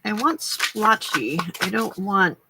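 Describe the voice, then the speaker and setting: Late at night in her small craft room, an older woman livestreams her crafting, chatting with viewers, responding to their messages and becoming emotional at their kindness. She speaks slowly in an animated, mid-range voice over background noise.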